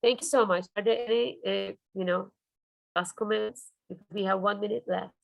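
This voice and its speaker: A woman runs a teacher-training workshop over a video call, talking animatedly as she holds up her teaching materials. Her voice carries a gravelly fry. The sound is close and dry. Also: medium pitch, moderate pace, no echo, lo-fi sound. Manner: animated, demonstrative, shows props.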